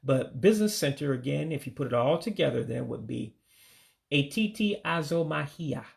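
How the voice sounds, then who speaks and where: An American man giving a casual vocabulary lesson, saying each word slowly, repeating it, then giving its English meaning. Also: mid-range voice, animated, creaky, a little mellow. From United States. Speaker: language learner teaching vocabulary.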